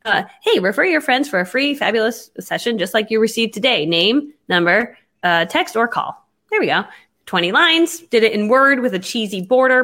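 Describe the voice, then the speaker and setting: A woman telling a business story in casual conversation, animated and quick to act out her own past lines. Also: on the high side. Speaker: network marketing entrepreneur.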